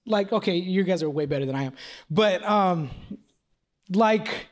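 A man's voice: high voice, unhurried. A man in his thirties preaching a sermon. He talks casually and jokingly, full of "like" and restarts, then builds to pressing repeated questions. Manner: casual, joking, confessional, with many fillers and restarts. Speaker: pastor.

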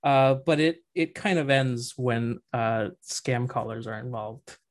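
A woman giving advice in a casual comedic chat, joking darkly in a deadpan way. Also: rumbling low, measured pace.

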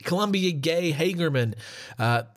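A man's voice: fairly high pitch, animated, a little slow. A man hosting a casual solo podcast, reading out a list while laughing at himself and breaking off to joke. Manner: giggly, irreverent, self-interrupting. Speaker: podcast host.

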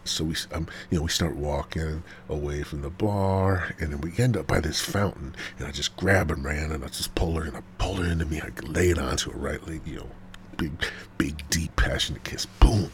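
Deep-voiced man rambling a profane story. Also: brisk, hardly any pauses, a little hiss or hum. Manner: rambling, profane, many fillers, dips into whispers. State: smoking while talking, coughing. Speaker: podcast host. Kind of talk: casual storytelling monologue.

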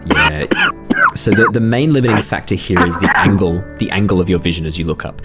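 A man's voice: deep voice, a little fast, loud music behind the voice. A man running a tabletop game as dungeon master, describing scenes and teasing his players with frequent laughs. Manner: laughs often, playful teasing.

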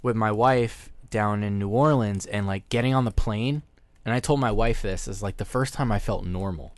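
A man's voice: fairly low pitch, normal speed, darkish tone, no room sound. A man co-hosting a podcast interview, talking loosely and repetitively with a fan's enthusiasm. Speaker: podcast co-host.

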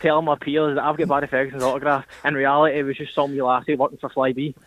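A man's voice: mid-range voice, flat delivery, quick pace, no echo. A young caller on a tinny phone line, telling a story with lots of energy. He acts out the voices of the people in it, and the sound is thin and dry. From Northern Ireland.

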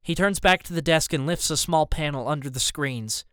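A man narrating a thriller in first person, steady and tense. His voice sits a bit high, smooth and clean, and is recorded dry and close. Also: moderate pace, hardly any pauses, dry recording. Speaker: audiobook narrator.

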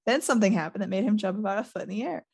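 Woman, podcast host, reads aloud, recaps book, lively, middling pitch. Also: very fast, husky.

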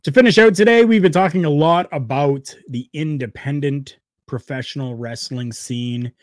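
A man hosting a wrestling podcast in casual, heartfelt talk, jumping from loud bursts to quiet asides. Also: fairly high pitch, moderate pace, no room sound. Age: adult, former wrestler. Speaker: podcast host.

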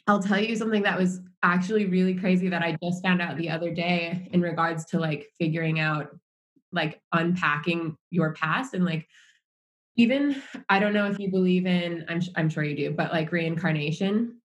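A woman's voice: on the low side, fairly even intonation, normal speed, dull audio. An American woman chatting casually as a podcast co-host, rambling with lots of "like" fillers. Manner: rambling, heavy use of "like" fillers. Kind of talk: casual chat.

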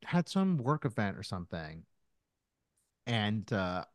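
A man with a fairly low voice, recorded dry and close. He chats casually as a podcast co-host, rambling through stories with lots of fillers and false starts. He sounds to be in his thirties. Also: very animated, slow, no room sound. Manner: rambling storyteller, many fillers and restarts. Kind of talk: casual chat.

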